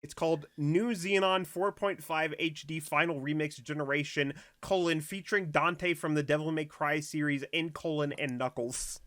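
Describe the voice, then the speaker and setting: A man's voice: fairly high pitch, steady tone, normal speed, few pauses, a bit bright, dry recording, clean studio sound. A man co-hosting a casual music podcast, playful, laughing mid-sentence and repeating words. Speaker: podcast co-host. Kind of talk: casual chat.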